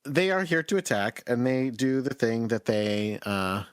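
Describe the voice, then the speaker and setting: A man's voice: mid-range voice, lively intonation, a little slow, smooth, dry recording, clean studio sound. A man co-hosting a podcast in casual chat, recapping an episode in a rambling, self-correcting way. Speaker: podcast co-host.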